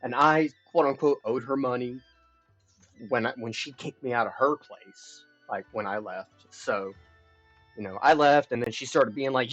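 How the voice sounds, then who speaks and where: A young man livestreaming, telling a long personal story in a rambling, profane way, dropping to mumbles and rising to loud bursts. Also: mid-range voice, moderate pace, soft background music. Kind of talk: casual confessional storytelling. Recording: dull lo-fi stream audio.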